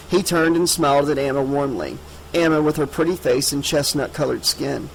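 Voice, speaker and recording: A man reading an unabridged horror audiobook in a steady, measured way. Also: on the high side, vocal fry, slight background noise, rough recording. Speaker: audiobook narrator. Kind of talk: audiobook narration.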